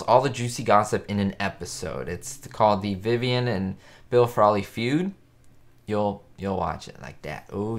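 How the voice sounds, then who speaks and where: Chatty man hosting a live chat, a bit low. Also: fairly bright tone. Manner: chatty, enthusiastic, quotes show lines in put-on voices. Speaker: host answering live chat questions. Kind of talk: casual live-stream chat. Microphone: webcam or desk mic.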